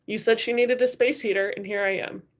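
A woman's voice: medium pitch, fairly even intonation, a little fast, natural voice. A woman voicing a cheerful, cocky young shapeshifter man who talks in a brash, teasing way, in a dull lo-fi recording.

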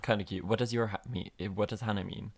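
Low-voiced giggly woman co-host. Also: steady tone, slightly rough. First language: Norwegian. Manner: giggly, halting restarts. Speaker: podcast co-host. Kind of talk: casual chat.

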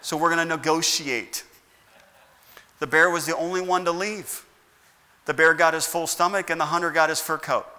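A man's voice: fairly high pitch, steady tone, moderate pace, long pauses, sharp tone, smooth. A man preaching a sermon as pastor, firing rhetorical questions and rising into emphatic bursts. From United States. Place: church sanctuary. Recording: long church hall reverb.

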